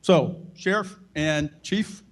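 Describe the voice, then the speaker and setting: A man moderating a town hall meeting, brisk and friendly. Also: a little high.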